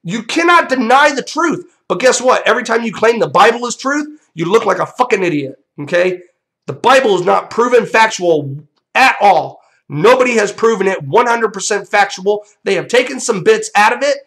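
Young guy w/ a high voice, cussing and ranting hard into the camera. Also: lively intonation, normal speed, a bit bright. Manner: profane, ranting, combative. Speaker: channel host. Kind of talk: angry rant vlog.

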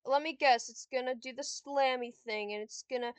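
A woman's voice: high-pitched, a little fast, few pauses, smooth, dry recording. A young woman casually commentating her own board game play, frustrated, swearing and talking to herself. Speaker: streamer playing a board game.

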